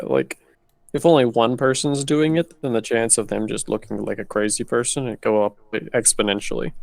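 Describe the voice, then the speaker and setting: A man in a casual group chat who explains his ideas deliberately, with dry humor. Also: fairly low pitch, vocal fry, darkish tone, dry recording. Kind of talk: casual chat before a tabletop game stream.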